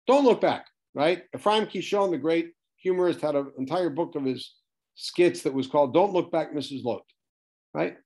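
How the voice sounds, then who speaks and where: A man teaching a Bible study class, asking pointed questions and stressing key words in an animated, emphatic way. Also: fairly high pitch, moderate pace. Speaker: Torah teacher.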